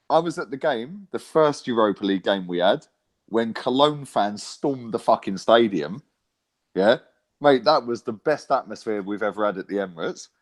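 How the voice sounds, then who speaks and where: A man chatting about football with a mate. He tells stories with animation, swears freely and keeps checking in with "right?" and "yeah?". His voice sits at an ordinary middle pitch. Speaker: co-host, football fan pundit. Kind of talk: casual football chat.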